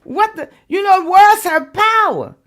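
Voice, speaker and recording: Laughing, slow-talking woman livestream host. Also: very high voice, lively intonation, fairly bright tone. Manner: laughs often, playful and loose, calls viewers y'all and baby. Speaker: online commentary show host. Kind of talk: casual livestream chat with viewers.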